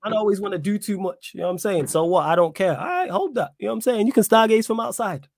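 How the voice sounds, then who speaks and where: A young man, chatting on a live-stream podcast with a slightly high voice. He talks in an animated, slangy way and reads the chat aloud. The sound is dry and close to the mic. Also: racing, dry recording. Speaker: podcast host.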